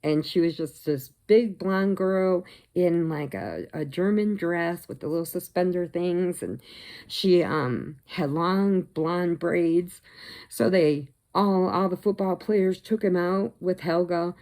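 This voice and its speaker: A middle-aged woman telling long, animated stories in a casual vlog, laughing at her own jokes. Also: lowish voice, slow. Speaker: crochet vlogger. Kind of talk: casual storytelling.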